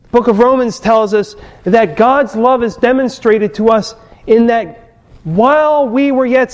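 A man's voice: high voice, a little mellow. A man preaching a sermon, telling personal stories and repeating his key phrases with emphasis. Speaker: pastor.

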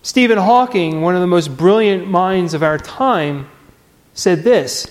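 A man preaching a sermon, earnest and emphatic, repeating key phrases with pauses. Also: sits high, lively intonation. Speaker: pastor. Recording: long reverb of a large hall.

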